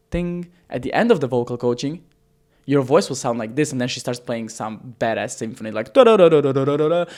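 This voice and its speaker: A man teaching copywriting on camera in a casual, energetic way, swearing freely and shifting his pace and loudness for emphasis. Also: medium pitch. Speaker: copywriting coach.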